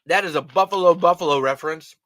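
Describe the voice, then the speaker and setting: A man hosting a podcast in casual chat, telling stories in an excitable, rambling way with stammered restarts and swearing. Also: a little high, fast, dry recording. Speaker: podcast host.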